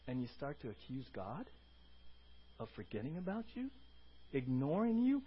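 High-voiced pastor preaching conversationally. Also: male voice, big pitch swings, moderate pace, breathy edge, muffled recording. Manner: asks the congregation questions, with frequent "right?" tags. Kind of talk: conversational sermon.

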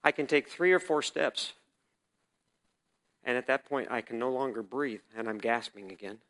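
A man's voice: mid-range voice, normal speed. Dramatic storytelling male preacher. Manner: dramatic swings between loud and hushed; vivid storytelling. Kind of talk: sermon testimony.

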